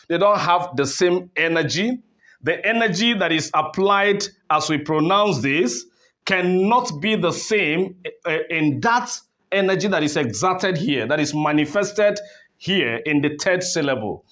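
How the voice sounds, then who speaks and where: Slow-talking Nigerian English teacher, man. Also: on the high side, fairly bright tone. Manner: explains slowly, repeats terms, many fillers and okays. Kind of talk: online lesson on oral English.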